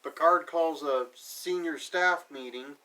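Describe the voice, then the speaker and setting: A man's voice: fairly high pitch, takes it slowly, bright, forceful tone. Sarcastic man recapping, mic at a distance. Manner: sarcastic, paraphrases characters offhandedly. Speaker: TV episode reviewer. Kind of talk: casual episode recap.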